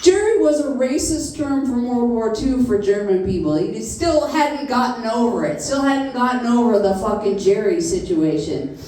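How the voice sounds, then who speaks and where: A woman's voice: a little high, dark tone, distant mic, slight background noise. A woman in her fifties doing a stand-up comedy set, telling blunt, profane stories on a comedy venue stage. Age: 50s. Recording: echoey room picked up from afar.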